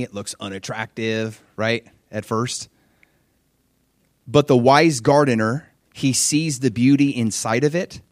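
A man preaching a sermon in an animated way, acting out dialogue with sudden high-pitched exclamations. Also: dry recording, studio quality.

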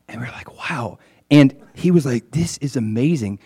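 Man, casual storytelling, animated, filler-heavy, minister. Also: normal speed, slightly rough. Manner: animated, gets loud and high when excited; frequent fillers and restarts. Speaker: traveling minister.

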